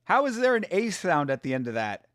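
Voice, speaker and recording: In a high, very animated voice with a fairly bright tone, a man talks briskly to his chat during a fight watch-along stream. He's loose and profane, cracking jokes constantly. The recording is studio quality with no echo.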